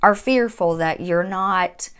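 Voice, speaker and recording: A woman hosting a tarot reading, speaking in a gentle, encouraging way with frequent fillers and restarts. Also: on the low side, takes it slowly, clean tone. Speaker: tarot reader. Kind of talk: monthly tarot reading to camera.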